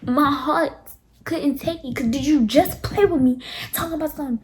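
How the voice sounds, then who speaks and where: A young woman vlogger telling a storytime tale to her viewers, animated and dramatic, talking straight to them. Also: high voice, moderate pace, slight background noise. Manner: animated, dramatic retelling, addresses viewers directly. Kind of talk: casual storytime.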